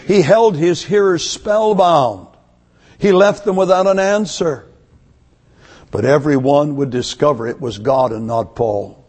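A man's voice: a little high, darkish tone, husky. A man preaching a sermon to his church, emphatic and asking one rhetorical question after another. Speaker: pastor. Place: church service.

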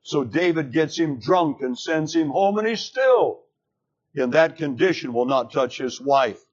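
A male preacher retelling a scripture story in a slow, unhurried sermon. He tells it with dramatic, deliberate weight, and his voice sits a little high for a man. The recording is dull and lo-fi. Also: animated.

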